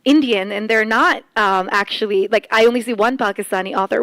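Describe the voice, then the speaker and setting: A woman's voice: a little high, fairly quick, hardly any pauses, a bit bright, dry recording. A woman speaking on a conference panel in a chatty, joking way, with frequent laughs and filler words. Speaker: panelist and arts center organizer. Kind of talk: casual panel talk. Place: conference room.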